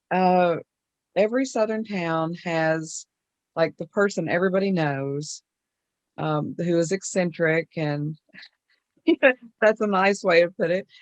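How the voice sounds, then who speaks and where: A woman mystery author on a panel, speaking in an unhurried, thoughtful way with frequent fillers. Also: fairly low pitch, dry recording. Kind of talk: casual panel discussion.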